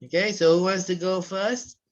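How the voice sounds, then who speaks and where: A man teaching a public speaking class, explaining slowly and demonstrating vocal stress himself. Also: high-pitched, steady tone, lo-fi sound. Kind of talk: classroom lecture.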